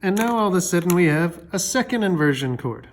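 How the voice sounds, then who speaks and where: A man with a slightly high voice walks through a music theory lesson. He talks in a loose, chatty way, full of fillers and small jokes, like he's explaining things to a friend. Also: lively intonation, brisk, a little hiss or hum.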